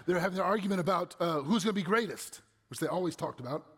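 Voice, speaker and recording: A man's voice: sits high, lively intonation, quick pace, a bit bright, breathy edge. A man pastor reading scripture and then preaching a sermon in a conversational way, asking his listeners rhetorical questions. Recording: long hall reverb.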